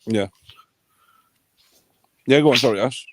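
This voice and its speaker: A man's voice: mid-range voice, a little slow, no echo. Bloke ranting on his stream, blunt and sweary, dead dry sound. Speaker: livestream host. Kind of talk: ranting livestream chat.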